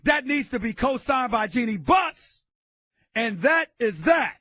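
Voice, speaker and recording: A man hosting a sports radio show, ranting loudly and emphatically with frequent bursts of shouting into a studio mic. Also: very high-pitched, big pitch swings, a little slow, husky, no room sound. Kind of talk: opinionated sports radio talk.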